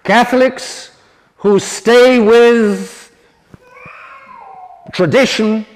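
A male priest with a notably high voice delivers a sermon in an earnest, emphatic way. He stumbles and restarts phrases as he goes, and his words ring out with a long reverb, as in a large church. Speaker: priest preaching to seminarians.

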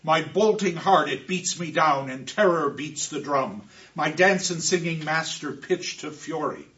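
Lecturer voicing a haunted young avenger, high and sharp, dull distant recording. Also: male voice, expressive, measured pace. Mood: anguished. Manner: declaiming, rising to shouts. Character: anguished young male avenger, haunted and frantic.

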